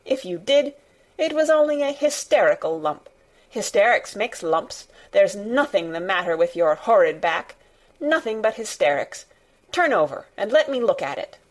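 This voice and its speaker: A woman voicing a fierce, bossy little girl who shouts and scolds. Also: medium pitch, expressive, a little slow, hardly any pauses. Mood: furious.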